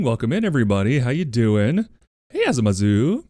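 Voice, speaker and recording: A man's voice: mid-range voice, very animated, brisk, dark tone, no room sound. A male streamer in casual livestream chat, playful and casually swearing, cooing at his pets while he talks to viewers on a close desk mic.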